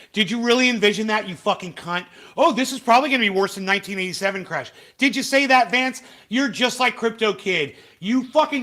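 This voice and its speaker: A man hosting a livestream, ranting angrily and cursing at the clips he watches. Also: sits high. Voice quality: profane, angry, shouting insults. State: has facial palsy flare-up. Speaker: livestream host. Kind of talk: ranting live commentary.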